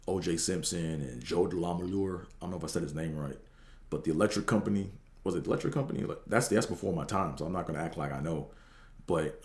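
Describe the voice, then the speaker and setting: A man's voice: deep voice, a little mellow, reverberant. A middle-aged man from the DC area, hosting a podcast and telling a rambling, profane story full of fillers and restarts. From Washington DC area. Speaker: podcast host. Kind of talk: casual storytelling monologue.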